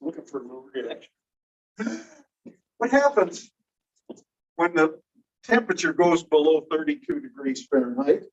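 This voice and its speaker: A man's voice: on the high side, very animated, moderate pace, pauses often. A man teaching a class, explaining ideas step by step and asking the students questions. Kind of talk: classroom lecture. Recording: distant, dull room recording.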